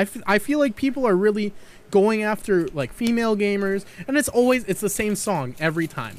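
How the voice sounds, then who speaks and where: A man hosting a podcast, giving his opinions in a rambling way, repeating words and swearing casually. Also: on the high side. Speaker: podcast host and streamer.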